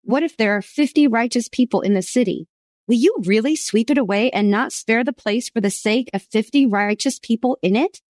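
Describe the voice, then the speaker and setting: A woman's voice: fairly high pitch, normal speed, a little mellow, no echo, close to an everyday voice. A woman reading the lines of Abraham, an old man pleading earnestly with God, with added emphasis.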